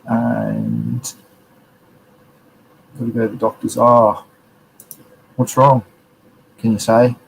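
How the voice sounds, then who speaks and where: A man's voice: mid-range voice, little pitch movement, slow, gravelly, pauses often, slight background noise, low-quality recording. An Australian man hosting a live show, chatting casually and rambling with slang. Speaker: host. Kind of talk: casual live-stream chat, reading chat messages.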